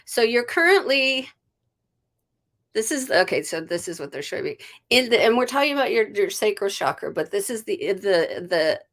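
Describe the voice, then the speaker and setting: Gentle American woman giving an intuitive reading. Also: medium pitch. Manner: gentle, flowing, with many restarts and soft laughs; greets viewers warmly by name. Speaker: intuitive reader hosting a live stream. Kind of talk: live-streamed card and intuitive reading.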